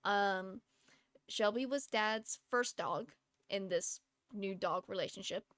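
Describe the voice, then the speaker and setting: A woman's voice: medium pitch, slow pace, a bit bright, dry recording, studio quality. A young woman streaming a game from home, chatting in a rambling way and laughing often. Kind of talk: casual chat while gaming.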